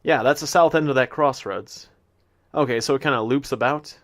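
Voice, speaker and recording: A man with a mid-range, slightly bright voice talks at a moderate pace as he plays a game. He offers casual let's-play commentary, chatting to the animals he meets and reading the game's text aloud.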